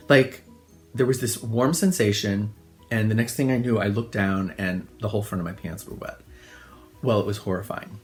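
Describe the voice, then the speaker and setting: A middle-aged man telling funny childhood stories in a relaxed monologue, self-deprecating and often laughing. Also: fairly low pitch. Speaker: host. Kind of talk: casual storytelling monologue.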